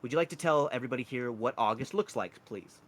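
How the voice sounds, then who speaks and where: A man's voice: medium pitch, fast talker. A man narrating a tabletop game as game master, describing scenes casually.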